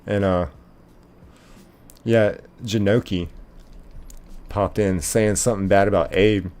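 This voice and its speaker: A man's voice: fairly low pitch, steady tone, slow, a little mellow. A man hosting a live stream in casual chat, reading viewer comments aloud and answering them in a rambling way, full of filler "like"s.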